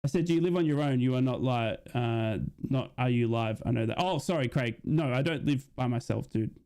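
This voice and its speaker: An Australian man streaming a football watch-along, chatting with viewers in a rambling, excitable way and often asking "you know what I mean?". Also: medium pitch, fairly quick, clean tone. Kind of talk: live commentary chat with viewers.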